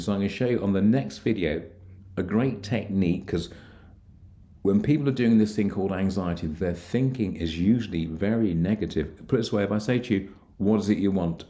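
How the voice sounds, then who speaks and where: Middle aged guy coaching you thru anxiety stuff, low mellow voice, calm n steady. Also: brisk. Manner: calm, guiding, talks straight to the listener. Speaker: mind coach. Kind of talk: instructional coaching talk.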